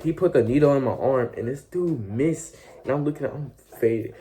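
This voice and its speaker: A man's voice: mid-range voice, moderate pace, dark tone. A young man telling a personal story in a casual, rambling way, full of slang and restarts.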